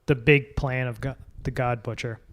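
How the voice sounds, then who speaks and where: In a bit of hiss or hum, a man co-hosting a podcast talks about films in a relaxed, offhand way, cursing freely. He has a medium-pitched, steady voice and a moderate pace.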